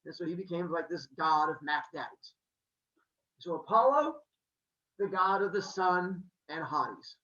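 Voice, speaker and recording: A male teacher telling myths to a classroom as an animated, joking storyteller who quizzes his students. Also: on the high side, measured pace, roomy sound. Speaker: middle school teacher. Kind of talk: classroom lesson on mythology. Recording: dull lo-fi classroom recording.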